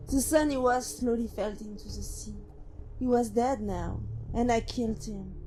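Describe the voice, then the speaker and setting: Brief: actress as a haunted female synth ex-killer, mellow and slightly high, slow and brooding, soft music behind. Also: slight background noise, close to an everyday voice. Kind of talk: game companion monologue. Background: faint music.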